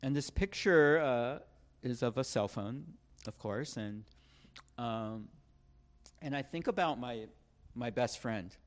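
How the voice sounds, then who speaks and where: A man delivering a sermon at an ordinary, middle pitch. He speaks earnestly and conversationally, often restarting a phrase as he reaches for his point. His preaching moves easily into a spoken prayer. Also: slow pace, pauses often.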